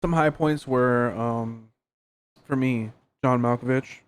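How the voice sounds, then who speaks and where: A podcast co-host chatting casually about a movie, giving short relaxed remarks. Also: mid-range voice, slow pace, clean tone, no room sound. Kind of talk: casual movie review chat.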